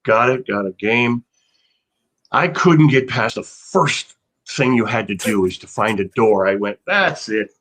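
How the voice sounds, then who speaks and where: A man's voice: on the low side, measured pace, a bit bright, low-quality recording. An older man, an actor, telling rambling, anecdotal stories in a casual interview, with many restarts.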